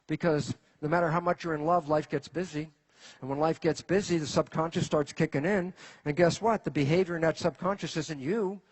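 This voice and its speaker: A man giving a lecture to a live audience, animated and throwing rhetorical questions at the listeners. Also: on the high side, a little fast, slightly rough. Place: in front of an audience.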